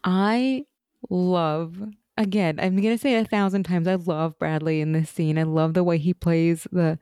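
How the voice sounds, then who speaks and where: A woman co-hosts a relaxed recap chat, her voice mellow and a touch low. She gushes with enthusiasm and slips into little acted-out quotes. The sound is dry and close. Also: normal speed, smooth, dry recording. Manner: enthusiastic, gushing, acts out quoted lines. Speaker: podcast co-host. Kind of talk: casual chat recapping a TV episode.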